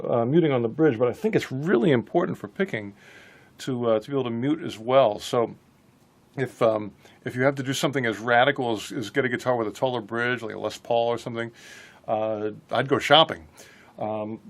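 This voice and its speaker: A man giving a casual guitar lesson, thinking aloud with frequent restarts. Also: medium pitch. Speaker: guitar teacher. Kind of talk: casual instructional talk.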